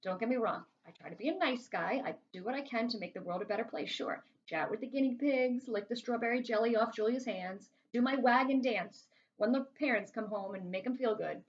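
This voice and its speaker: A woman's voice: on the high side, fairly quick. A woman reading a children's novel aloud in a casual, chatty first-person storytelling way. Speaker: reader. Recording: slightly muffled lo-fi recording.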